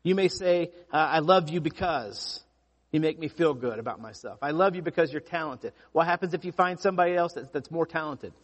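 A pastor preaching a sermon, telling stories with lively emphasis and frequent restarts. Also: male voice, fairly high pitch, a little fast, long reverb tail. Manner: animated storytelling with repeated restarts.

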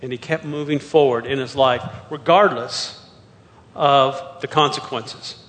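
A pastor preaching a sermon and walking through scripture verse by verse, with pointed rhetorical questions. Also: male voice, mid-range voice, fairly even intonation, a little slow, a bit bright. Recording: long hall reverb.

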